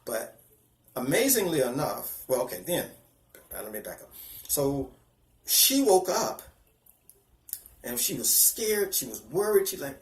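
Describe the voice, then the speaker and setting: A man in his fifties sharing a personal spiritual testimony, earnest and halting, often restarting his sentences and close to tears. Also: on the high side, big pitch swings, reverberant. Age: 50s. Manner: earnest, halting, with repeated false starts.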